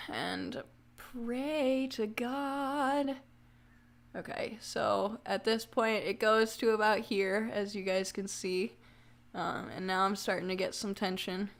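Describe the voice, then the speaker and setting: A woman's voice: mid-range voice, fairly bright tone. A young woman talks casually to her livestream audience from home. She chats easily, reads out viewer comments and answers them with jokey asides and laughter. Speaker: livestream host.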